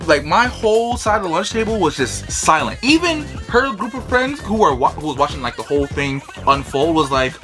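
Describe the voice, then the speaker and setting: A young man telling a comic childhood story in a storytime vlog, animated and full of profanity. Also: fairly high pitch. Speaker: vlogger.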